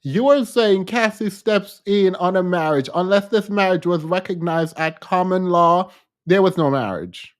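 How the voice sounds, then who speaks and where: A woman from Jamaica with a Jamaican accent, hosting a reaction commentary and pointedly picking apart a played clip. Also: lowish voice. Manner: blunt and pointed, quick to laugh. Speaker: commentary host.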